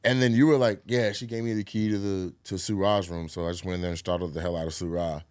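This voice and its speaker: Fast and low-pitched, with a clean tone and no echo, this man co-hosts a podcast. He tells a story casually and animatedly, acting out people's quotes and swearing frequently.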